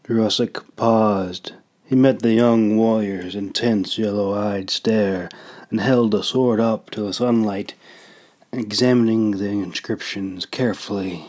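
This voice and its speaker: A man narrating a fantasy audiobook in a measured, deliberate reading. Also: fairly low pitch, fairly even intonation, a little mellow. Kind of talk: storybook narration.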